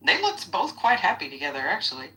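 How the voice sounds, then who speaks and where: A woman's voice: fairly low pitch, huge pitch swings, fast talker, bright, forceful tone, low-quality recording. A woman in her fifties chatting casually in a live audio room, rambling with lots of fillers. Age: 50s. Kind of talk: casual chat.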